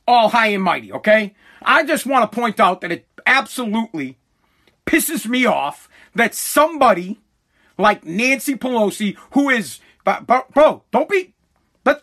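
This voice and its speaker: A man's voice: very high-pitched, sharp tone. A man ranting about politics, heated and profane, talking to his viewers. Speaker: commentator.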